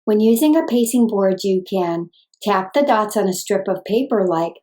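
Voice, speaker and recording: A woman speech-language pathologist explains a home technique to parents. Her delivery is calm, clear and evenly paced, in a middle-pitched voice, like scripted teaching. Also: moderate pace.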